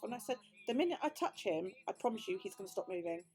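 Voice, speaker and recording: A woman's voice: mid-range voice, animated, fast talker, few pauses, dark tone, faint music behind. A British woman vlogger telling a story in casual chat, swearing freely and acting out the quoted dialogue. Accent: British English. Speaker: crafting vlogger.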